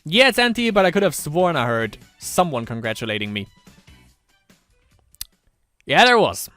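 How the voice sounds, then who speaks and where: A man doing a let's-play of a visual novel, reading it aloud and breaking off into rambling, laughing asides. His pitch swings widely and sits a bit high, with faint game music underneath. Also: sing-song, moderate pace, a bit bright.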